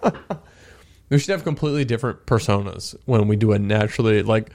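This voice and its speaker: A man's voice: on the low side, brisk, darkish tone. Joking young man co-hosting a podcast. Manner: joking, laughs often, teasing. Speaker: podcast co-host. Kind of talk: casual banter.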